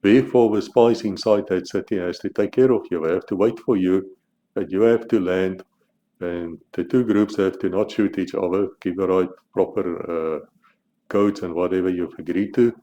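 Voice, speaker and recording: A man's voice: deep voice, fairly even intonation, normal speed, mellow, muffled recording. A South African man talking bluntly as a channel host, restarting and repeating words as he argues his point. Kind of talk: opinionated monologue to camera.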